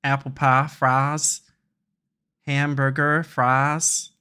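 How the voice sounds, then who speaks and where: A British man putting on a loud Southern drawl. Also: mid-range voice, flat delivery, very slow, clean tone. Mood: boisterous. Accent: mock Southern American drawl. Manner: exaggerated, boisterous caricature.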